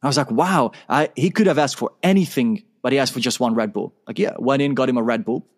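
Man, interview guest, lively storytelling, acts out both sides of a conversation. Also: mid-range voice, fast. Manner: animated, acts out dialogue in his story.

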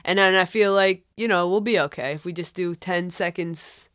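A woman's voice: lowish voice, moderate pace, no echo, clean studio sound. A woman from Massachusetts co-hosting a podcast, wry and joking in casual chat. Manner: wry, joking, trails off softly. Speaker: podcast co-host.

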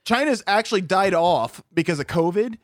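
A man with a fairly high voice co-hosts a loose podcast chat, rambling through stories with constant fillers and swearing. The sound is close and dry, with no room around it. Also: animated, moderate pace, no room sound. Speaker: podcast co-host.

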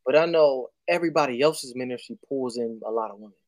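A man chatting as a guest on a video-call livestream, talking with many fillers and getting animated in quick bursts. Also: medium pitch, dry recording. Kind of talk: casual chat.

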